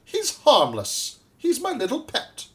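A man putting on a cheerful lady in a high falsetto, fondly scolding in a storybook poem. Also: wildly swooping pitch, slow pace, exaggerated voice. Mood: breezy. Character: breezy, cheerful lady, crocodile's owner.

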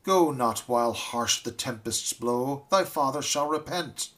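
A haughty young nobleman scoffs with slow, deliberate scorn, as a man reading a ballad gives him voice. The delivery is measured storybook recitation. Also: medium pitch, fairly bright tone, close to an everyday voice. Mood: scoffing.

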